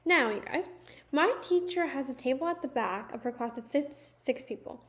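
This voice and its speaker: A young woman telling a personal story in a casual, animated storytime manner, with lots of "like"s. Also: sits high, moderate pace. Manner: chatty, animated storytelling with many "like"s. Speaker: vlogger.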